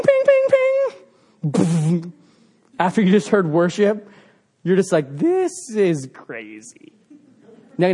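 Animated high-voiced man preaching a sermon. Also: breathy edge. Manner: animated storytelling with sound effects; swings between loud bursts and hushed tones.

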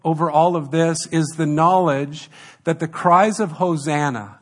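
A man delivering a sermon, leaning hard on repeated phrases and dropping into the voices of the people in the story he retells. His voice sits a little higher than most men's. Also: steady tone, takes it slowly. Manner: emphatic, repeats key phrases, acts out quoted dialogue. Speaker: pastor.

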